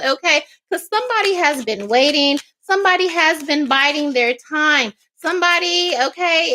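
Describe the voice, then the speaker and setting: A woman's voice: sits high, sharp tone. A woman doing a livestream tarot reading, talking in a sassy, emphatic way with laughs and mocking asides. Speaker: psychic tarot reader.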